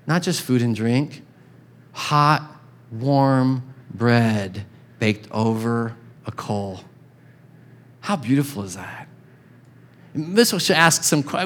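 A man preaching a sermon in a conversational, animated way, acting out little voices as he tells the story. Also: medium pitch. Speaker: pastor.

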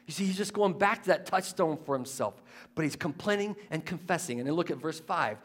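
A man preaching a sermon, moving between quiet, conversational asides and loud, impassioned scripture readings, often asking the listeners questions. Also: a little high, animated, moderate pace. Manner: conversational, asks the audience questions.

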